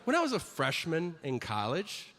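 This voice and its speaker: Wry stand-up comic man, fairly high voice. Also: huge pitch swings, moderate pace, a bit bright. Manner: crude, wry storytelling with acted quotes. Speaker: stand-up comedian. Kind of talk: stand-up comedy routine. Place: comedy stage before a live audience. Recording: live audience noise.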